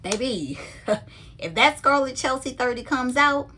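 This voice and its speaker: A woman handbag vlogger chatting casually and with animated energy to her viewers while unboxing a bag. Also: high-pitched, unhurried, slightly rough.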